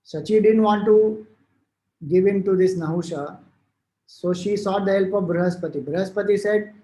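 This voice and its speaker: High-voiced Indian man giving a spiritual talk. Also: moderate pace, warm tone. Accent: Indian English. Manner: storytelling, explanatory, with fillers and restarts. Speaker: spiritual teacher. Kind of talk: devotional discourse. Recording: roomy echo.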